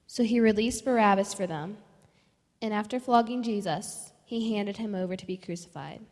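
A woman reading scripture aloud in a church service with a measured, solemn delivery. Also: medium pitch, a little mellow. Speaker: scripture reader. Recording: long church reverb.

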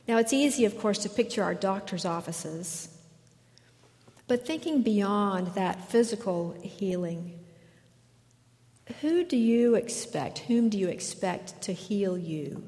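A woman's voice: mid-range voice, expressive, slow pace, warm tone. A woman pastor giving a sermon in a conversational way, asking questions of her listeners, in a church. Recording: echoey hall reverb.

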